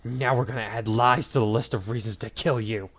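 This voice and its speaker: Defiant young swordsman, cold and sharp, man reading. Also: medium pitch, fairly even intonation, a little fast, lightly acted. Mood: furious. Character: angry young male swordsman hero.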